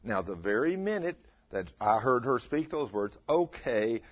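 A man in his fifties preaching a storytelling sermon, animated and acting out the dialogue. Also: medium pitch, normal speed, slightly rough. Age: 50s. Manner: animated, acts out dialogue, laughs with listeners. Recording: dull lo-fi recording.

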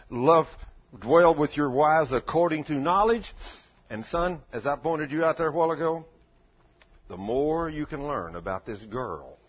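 An older man preaching a sermon in a folksy storytelling way that swells into loud fervor, in a dull lo-fi recording. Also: fairly low pitch, breathy edge.

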